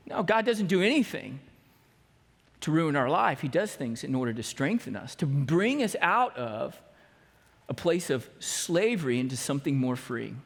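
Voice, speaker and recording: A pastor with a notably high voice delivers a storytelling sermon, slipping into voices for the people he quotes. His words ring out with a long reverb that fills the church sanctuary.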